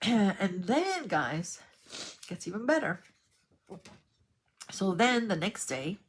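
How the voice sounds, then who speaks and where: A woman vlogger telling a rambling story in a chatty way while she sorts her craft supplies. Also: fairly low pitch. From New York. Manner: chatty, rambling, animated when retelling.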